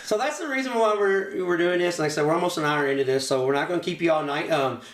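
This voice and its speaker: High-voiced Kentucky man, roomy. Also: quick pace. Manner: storytelling, laughs a lot, quotes others. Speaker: podcast host. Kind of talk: casual chat. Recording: roomy and off-mic.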